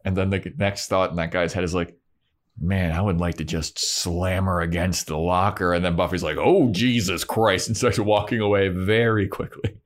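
A young man with a low voice co-hosts a casual podcast. He retells scenes in an animated way, slipping into the characters' voices and swearing freely. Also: moderate pace. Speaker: podcast co-host. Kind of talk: casual chat recapping an episode.

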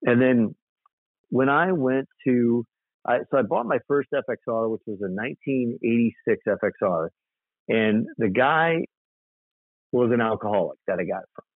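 Guest, male, from South Dakota; animated storyteller, mid pitch, phone-quality dry audio. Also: moderate pace, husky, dry recording. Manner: animated, rambling storyteller with fillers. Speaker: guest, custom motorcycle builder. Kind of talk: casual storytelling interview. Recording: tinny dry phone-like line.

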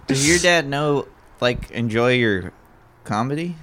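A man's voice: mid-range voice, animated, unhurried, background noise. A man who co-hosts a podcast and does comedy, talking loosely and casually with some swearing.

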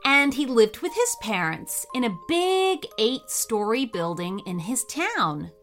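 A woman reads a children's adventure story in a slow, unhurried way with a very lively, sing-song melody. Her voice is bright and crisp, and soft music plays faintly underneath. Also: on the high side. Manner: cheerful, animated storytelling. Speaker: podcast host and storyteller.

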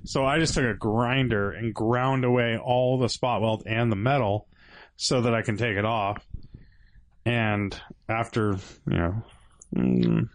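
A man's voice: on the low side, measured pace, no echo. Man rambling through a garage story. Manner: rambling hands-on storytelling with fillers. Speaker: podcast co-host. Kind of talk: casual chat.

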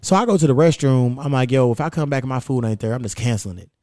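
Profane storytelling man, dark dry voice. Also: medium pitch, fast, dry recording. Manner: profane, animated storytelling with quoted exchanges. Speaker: podcast host. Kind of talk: casual chat, storytelling.

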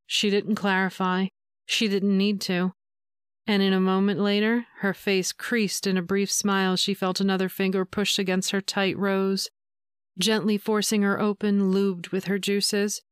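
Woman narrator, adult audio story, smooth clear voice, flat even delivery. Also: medium pitch, no room sound, clean studio sound.

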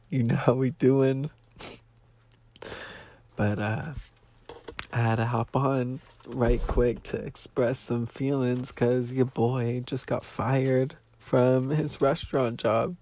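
A young man spills a personal story in a relaxed, drawn-out way, swearing often and getting worked up. His delivery is unhurried and conversational. The voice sounds close and dry, with little room around it. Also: medium pitch, vocal fry, no echo. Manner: profane, emotional, animated storyteller. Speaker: podcast host. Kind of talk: casual storytelling monologue. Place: outdoors on a walk.

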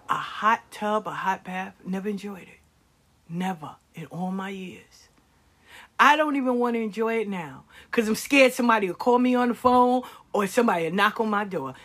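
A middle-aged woman sharing life lessons in a passionate, animated monologue, dropping into whispered asides. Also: mid-range voice. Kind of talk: conversational monologue.

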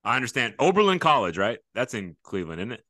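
A man hosting a podcast, chatting casually and quickly with his guest. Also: medium pitch, very animated, sharp tone, no room sound. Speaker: podcast host. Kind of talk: casual interview chat.

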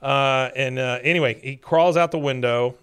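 A man's voice: medium pitch, moderate pace, fairly bright tone, clear, resonant tone. A man retelling a cartoon episode scene by scene in a casual chat, now and then mimicking the characters' lines. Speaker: podcast host recapping episodes.

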